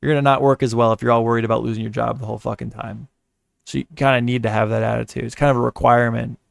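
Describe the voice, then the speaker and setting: A man hosts a casual livestream chat, talking very fast in a mid-range voice with vocal fry and little pitch movement, recorded without echo. He rambles through stories and blunt advice in an offhand, profane way.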